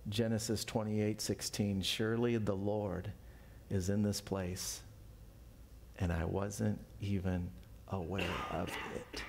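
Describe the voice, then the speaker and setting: Gravelly man in his fifties teaching Bible study. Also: on the low side, level tone, slow, long pauses, darkish tone, slight background noise. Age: 50s. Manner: folksy, self-deprecating, with frequent asides.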